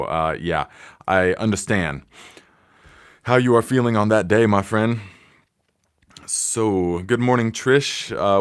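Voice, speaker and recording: A man's voice: low-pitched, smooth. A man hosting a casual live Q&A on his channel from home, talking loosely with many fillers and restarts into a phone. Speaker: livestream host. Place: home in Fort Wayne, Indiana.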